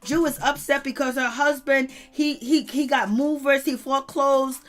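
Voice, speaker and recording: A woman with a high, bright-pitched voice gives unfiltered commentary on a reality show. She's blunt and sassy, laughs a lot, and keeps calling out to her live chat in a loose, casual flow. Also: steady tone, moderate pace.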